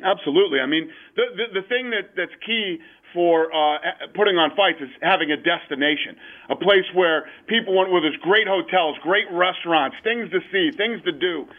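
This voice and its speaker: A man's voice: high voice, normal speed. A man being interviewed over the phone, talking in a blunt, emphatic way. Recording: tinny phone line.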